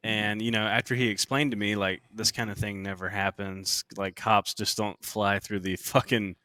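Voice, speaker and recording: Animated young man telling a wild story. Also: lowish voice, normal speed, no echo, studio quality. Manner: animated, profane, acts out quotes. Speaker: podcast co-host. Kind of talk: casual storytelling.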